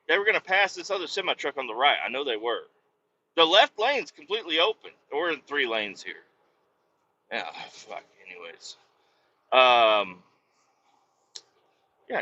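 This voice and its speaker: A man rambling and cursing in a casual monologue while driving his truck down the highway, with sudden loud outbursts. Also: muffled recording. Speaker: podcast host.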